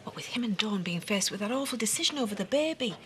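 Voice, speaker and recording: A woman's voice: mid-range voice, animated, quick pace, a bit bright, natural voice. An actress playing a firm woman who presses and scolds in a TV soap. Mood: reproachful. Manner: pressing, reproachful.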